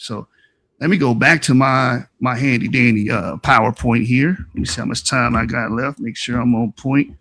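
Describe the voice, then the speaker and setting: A man's voice: medium pitch, moderate pace, a bit bright. A man giving a combative, emphatic debate rebuttal on an online stream, taunting his opponent as he argues. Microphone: online stream call mic.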